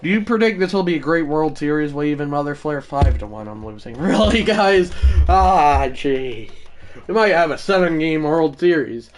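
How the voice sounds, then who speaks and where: A man calling his own baseball video game like a broadcaster, shouting on big hits and rambling in self-mocking asides between plays. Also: a little high, lively intonation, moderate pace. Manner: mock broadcaster calls that burst into shouting. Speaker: gaming streamer. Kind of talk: casual play-by-play of a video game.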